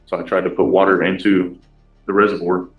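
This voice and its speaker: A man's voice: sits low, little pitch movement, a little fast, narrow, tinny audio, faint music behind. A man testifying as a defendant in court, hesitant, with many restarts. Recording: echoey courtroom audio.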